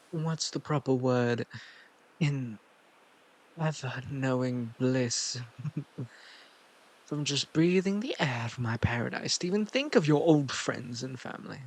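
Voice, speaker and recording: A man's voice: mid-range voice, vocal fry, slightly rough. A man hosting his channel, giving a casual, playful and flirty outro and laughing often. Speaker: channel host.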